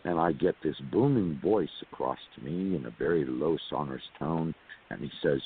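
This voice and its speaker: Man, very low voice, gravelly, rambling storyteller, tinny phone line with hiss. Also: normal speed. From California. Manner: rambling, repeats words, asides to listeners. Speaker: interview guest. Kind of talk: storytelling interview.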